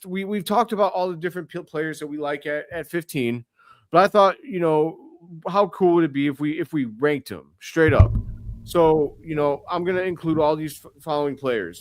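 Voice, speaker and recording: A man's voice: fairly high pitch, slight background noise. A man from the United States hosting a casual podcast roundtable, rambling and restarting his sentences. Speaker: podcast host.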